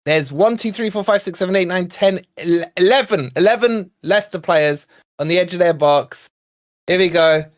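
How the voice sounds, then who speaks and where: Excitable fan commentating live. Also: male voice, high-pitched, normal speed. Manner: excitable, shouts at chances and fouls; chatty, talks to viewers and co-host. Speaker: fan channel host. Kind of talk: live watch-along commentary.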